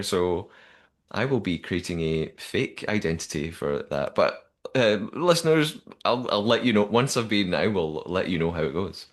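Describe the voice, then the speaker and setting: A man co-hosting a podcast in casual chat, chatty and animated, with frequent restarts. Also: deep voice, moderate pace. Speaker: podcast co-host.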